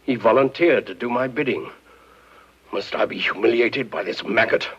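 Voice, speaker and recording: A man's voice: medium pitch, moderate pace, slightly rough, close to an everyday voice. An actor playing a scheming, grandiloquent male devil in a 1940s film, speaking in lofty, wordy phrases. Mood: indignant. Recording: muffled old film soundtrack.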